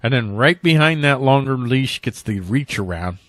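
A man co-hosting a talk show, chatting casually about politics in a bright, forceful voice. He is animated and jokey, and the dry, close recording keeps him up front. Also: mid-range voice, normal speed, dry recording. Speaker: co-host.

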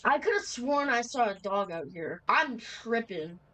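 Young woman, horror let's-play commentary, raised pitch, unhurried delivery, nervous slangy reactions. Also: expressive, a bit bright, low-quality recording. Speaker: gamer playing a horror game.

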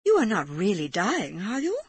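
A woman's voice: medium pitch, huge pitch swings, moderate pace, breathy edge, no echo, exaggerated voice. A woman voicing an anxious, proper English lady who exclaims in earnest dismay.

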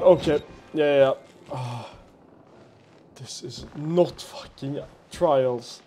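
A man's voice: on the high side, slow, long pauses, a little mellow, faint music behind. A man playing a horror game for a let's play, talking to himself in a jumpy, nervous way, swearing and laughing nervously.

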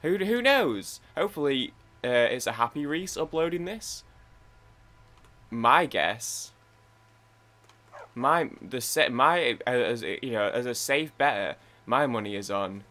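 A man's voice: mid-range voice, animated, slow, pushed and bright. Rambling young man playing a game. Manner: rambling, chatty, talking to himself. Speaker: gaming channel host. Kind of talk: gameplay commentary.

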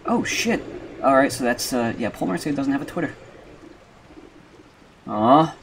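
Male streamer, mid pitch, jokey and profane, noisy game audio behind. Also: moderate pace. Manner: joking and profane, with loud outbursts. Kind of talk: casual gameplay commentary.

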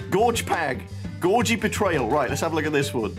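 A man's voice: high-pitched, very animated, normal speed, soft background music. A man reacting casually to game videos as a YouTuber, playful and laughing often as he reads on-screen dialogue aloud. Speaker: gaming YouTuber.

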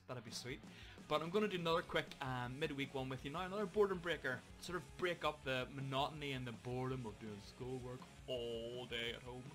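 A man's voice: mid-range voice, fairly bright tone. A young man, a drum teacher giving a casual, jokey video lesson for children. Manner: jokey, upbeat, self-mocking.

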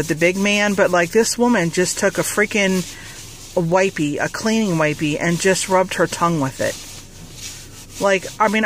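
A woman's voice: fairly low pitch, fairly bright tone, a little hiss or hum, low-quality recording. A woman rambling casually in a haul vlog, with lots of fillers and restarts, a bit out of breath, outdoors in a parking lot. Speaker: vlogger.

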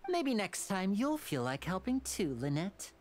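A woman voicing a charming young male stage magician in a video game, smooth, teasing and gently persuasive. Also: medium pitch, big pitch swings, a little slow.

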